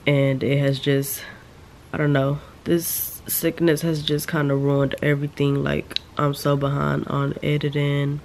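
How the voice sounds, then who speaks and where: A woman's voice: a bass voice, creaky, a little hiss or hum. A young woman vlogging from home while sick with a sore throat, talking candidly and rambling to her viewers. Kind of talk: casual vlog update. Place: at home, lying down.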